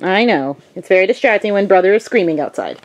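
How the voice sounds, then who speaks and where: A woman's voice: medium pitch, expressive, fast talker. A young woman vlogging casually, giving her dog short firm commands and sing-song praise.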